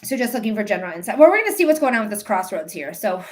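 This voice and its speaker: A woman's voice: mid-range voice, sing-song, very fast, hardly any pauses. A woman hosting a live psychic reading stream, chatting casually and affectionately with viewers and rambling with fillers. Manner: affectionate toward viewers, calls them my love; rambling, with many fillers and restarts. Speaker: livestream psychic reader.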